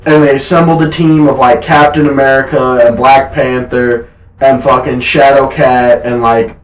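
A man's voice: medium pitch, flat delivery, moderate pace, far from the mic. A young man chatting casually, an eager storyteller who swears freely. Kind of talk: casual chat. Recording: echoey room, away from the mic.

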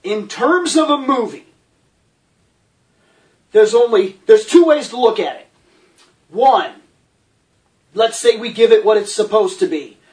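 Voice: medium pitch, animated, a little slow, pauses often, a little mellow, distant mic. Profane, incredulous ranting film reviewer. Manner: profane, sarcastic, incredulous outbursts. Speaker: movie reviewer.

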